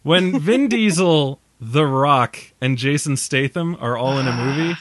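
A man's voice: on the high side, a little slow, dry recording. A tired man co-hosting a casual movie podcast, rambling and joking, laughing often. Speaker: podcast co-host.

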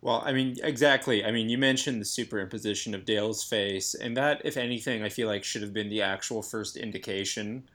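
A man's voice: lowish voice, fairly even intonation, fairly quick, hardly any pauses, fairly bright tone. A man in a casual critical discussion, agreeably building on others' points. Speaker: podcast panelist.

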